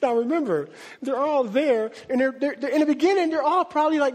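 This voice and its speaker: A brisk male preacher delivers a lively, conversational sermon, laughing often. His high voice is followed by a long reverb filling the sanctuary.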